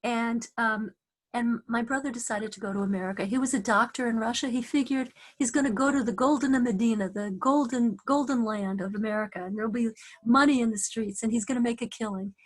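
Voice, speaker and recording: A woman tells a story in a relaxed, animated way, often restarting her sentences. Her voice is husky and breathy, set a little high. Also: a little fast. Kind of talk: casual spoken storytelling.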